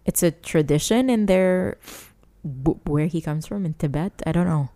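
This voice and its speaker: Low-voiced woman, earnest and indignant. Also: moderate pace, mellow. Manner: earnest, indignant, many restarts. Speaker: podcast co-host. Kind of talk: casual chat.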